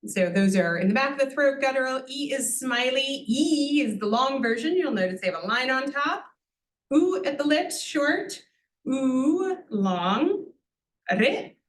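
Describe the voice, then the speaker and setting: A woman's voice: high voice, lively intonation, moderate pace, few pauses, a bit bright, echoey room. A woman giving an introductory Sanskrit lesson to an audience at a university event, patiently explaining and often asking "right?" with a light humorous touch. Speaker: Sanskrit teacher.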